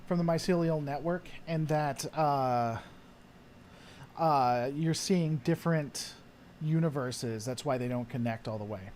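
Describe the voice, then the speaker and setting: A man's voice: a little high, a little slow, a little mellow, a little hiss or hum. A man hosting a casual chat, answering viewer questions in a rambling way with lots of fillers. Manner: rambling, with frequent fillers and trailing thoughts. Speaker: host.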